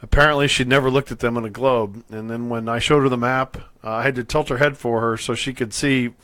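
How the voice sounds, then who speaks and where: A man's voice: mid-range voice, fairly quick, no echo. Rambling male podcast co-host. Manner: relaxed, rambling, many restarts. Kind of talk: casual chat.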